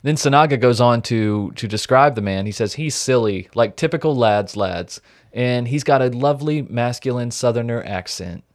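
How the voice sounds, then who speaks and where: A man's voice: medium pitch, moderate pace. A young man co-hosting a casual true-crime podcast, recounting the case and reading quotes aloud with wry jokes. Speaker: podcast co-host.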